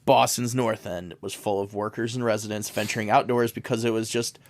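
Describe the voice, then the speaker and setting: A man's voice: on the low side, steady tone, a little fast, slight background noise. A man from the American Midwest co-hosting a comedic history podcast, loose and casual, swearing and laughing often. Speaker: podcast co-host.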